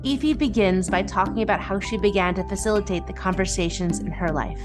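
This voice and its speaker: A woman's voice: medium pitch, a little fast, over music. A woman host reading scripted narration for a podcast.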